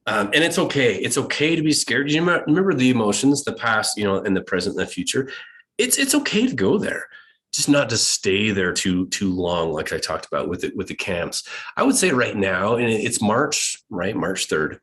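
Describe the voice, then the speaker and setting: A middle-aged American man giving a casual, animated talk to students as a guest speaker. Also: fairly low pitch, moderate pace. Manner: playful, animated storyteller.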